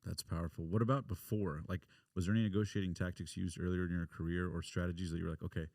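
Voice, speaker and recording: A man hosting an interview, asking brisk, direct questions. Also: deep voice, level tone, gravelly, a little mellow, dry recording, studio quality. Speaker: host.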